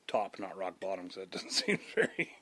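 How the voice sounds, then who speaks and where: A man chatting loosely on a home podcast, rambling from one joke to the next. His pitch swings in a lively way as he riffs. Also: moderate pace. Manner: rambling, jokey, puts on silly voices. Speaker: podcast co-host. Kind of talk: casual chat. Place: home, seated on a sinking chair.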